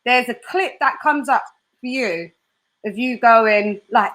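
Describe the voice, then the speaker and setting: Casting: woman host, high bright voice, animated chatter, quick laughs. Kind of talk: casual live-stream chat.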